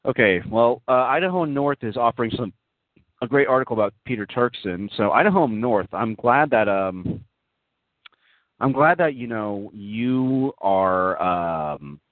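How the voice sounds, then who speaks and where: A man's voice: mid-range voice, animated, a little slow, no room sound. A man hosting a casual call-in talk show, mocking and profane, rambling through many fillers, over a dry, tinny phone-line recording.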